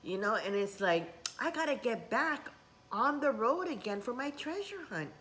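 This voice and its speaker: A woman's voice: fairly high pitch, sing-song, normal speed, slight background noise. A middle-aged woman who teaches spiritual workshops, rambling in a casual vlog and dropping in Japanese words. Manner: rambling, warm-hearted, mixes in Japanese words.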